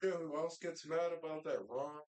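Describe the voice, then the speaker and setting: A man's voice: on the high side, steady tone, a little fast, a little mellow. A man being interviewed as a guest on a live podcast from a bar, giving hesitant, rambling answers.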